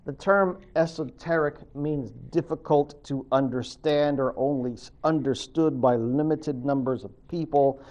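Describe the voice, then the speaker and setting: A man's voice: on the high side, unhurried, few pauses, darkish tone. A man speaking as a college professor in a recorded lecture, chatty and full of joking asides.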